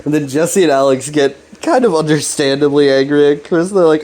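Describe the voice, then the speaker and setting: A man's voice: a little high, brisk, few pauses, darkish tone. A man hosting a casual video recap, rambling loosely with frequent swearing and restarts. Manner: profane, laid-back, rambling with restarts. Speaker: video series host.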